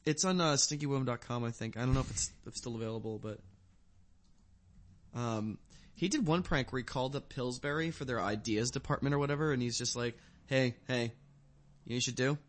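A man's voice: mid-range voice, brisk. A man in a casual comedy podcast chat, mostly reacting with short, dry remarks and telling a prank-call story.

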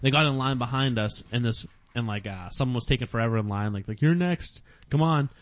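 A man's voice: medium pitch, fast talker, dry recording. Man telling a story, laughing a lot. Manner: animated storyteller, laughs often, swears. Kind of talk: casual podcast chat.

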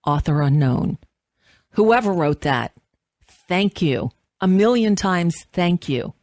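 A woman in her fifties, a radio host, reading an essay aloud with measured, impassioned delivery. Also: fairly low pitch, expressive, darkish tone, dry recording, studio quality.

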